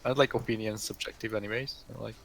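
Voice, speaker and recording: A man's voice: lowish voice, fairly even intonation, fast talker, gravelly, crowd noise. A man teasing his friends in a casual stream chat.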